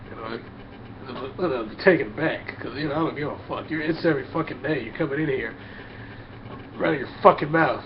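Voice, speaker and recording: A vlogger with a slightly high voice rattles off a crude, blunt comedic rant in casual talk, speaking briskly. He repeats himself and stumbles over words, and the dull lo-fi recording carries a bit of background noise.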